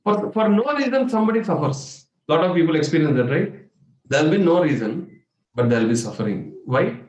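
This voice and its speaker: A man with an Indian accent giving a spiritual workshop talk as a meditation coach, animated and playful, with sudden exclamations and mimicry. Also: on the high side, a little fast, highs cut off. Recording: echoey room.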